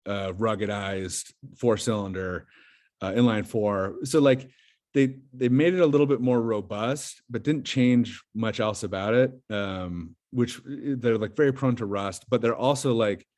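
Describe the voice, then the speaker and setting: A man's voice: lowish voice, measured pace, darkish tone. A man as a podcast guest, telling a story in casual chat, rambling with lots of fillers and restarts.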